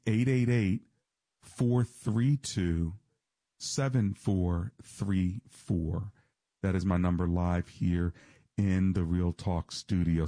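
A man's voice: deep voice, dark tone, no echo. A man hosting a Christian radio talk show, speaking earnestly in a preacherly way and reading scripture in a studio. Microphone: studio microphone.

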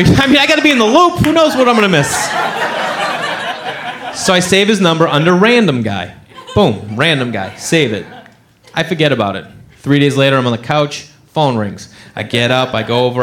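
Animated stand-up comic acting out voices. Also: male voice, on the high side, brisk, background noise. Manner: animated, acts out every character's voice. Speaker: stand-up comedian. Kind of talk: stand-up comedy storytelling.

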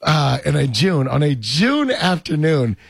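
A man's voice: on the high side, very animated, unhurried, gravelly, slightly rough, dry recording. A man hosting a podcast in a jokey, rambling casual chat, laughing often. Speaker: podcast host.

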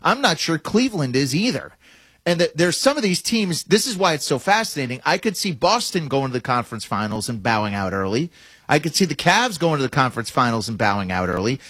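A man hosting a sports talk show, animated and wry, thinking out loud about teams. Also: a little high, fairly quick, husky, no room sound. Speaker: sports radio host.

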